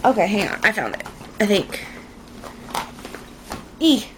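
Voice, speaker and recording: A woman's voice: mid-range voice, big pitch swings, unhurried, background noise. A young woman chatting casually through a makeup tutorial at home, rambling and self-mocking. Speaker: beauty vlogger.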